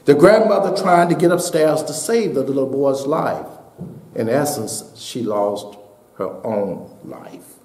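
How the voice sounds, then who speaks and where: A man preaching a sermon as pastor, building to shouted peaks and dropping to a hushed voice for a story. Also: medium pitch, unhurried, roomy sound. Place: church sanctuary.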